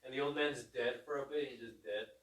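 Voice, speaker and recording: A man's voice: medium pitch, brisk, a bit bright, a little hiss or hum. A man hosting a casual podcast chat, eagerly retelling comedy scenes. His voice sits in the middle range and bounces around a roomy space, picked up from a mic set some way off. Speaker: podcast host. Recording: roomy room, distant mic.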